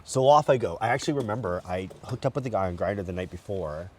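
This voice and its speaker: This fast-talking guest, whose voice sits on the low side, frankly narrates his own story during a nighttime walk outside. He's animated and acts out quotes; the distant mic catches faint outdoor noise.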